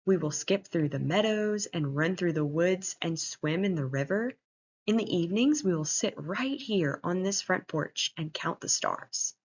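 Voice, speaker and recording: A woman's voice: fairly low pitch, unhurried, husky, full character voice. Woman doing an eager cheerful frog. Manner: excited, urging. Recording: muffled lo-fi recording.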